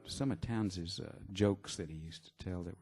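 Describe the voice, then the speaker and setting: Low-voiced man rambling onstage. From Texas. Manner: rambling, halting storyteller with many fillers. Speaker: singer-songwriter performing live. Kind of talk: stage banter between songs. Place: live music venue. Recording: live concert with guitar playing. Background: guitar music.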